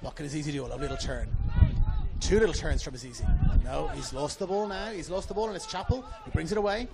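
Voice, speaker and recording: A man's voice: a little high, fast, vocal fry. A man with an Australian accent giving live football match commentary from a commentary box at the ground, rising with the action.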